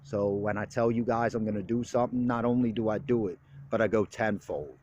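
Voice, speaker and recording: A man's voice: lowish voice, fairly quick, darkish tone, highs cut off, slight background noise. A young man in recovery giving an earnest, plain-spoken personal monologue in blunt, casual street talk, open about his feelings. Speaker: recovery speaker.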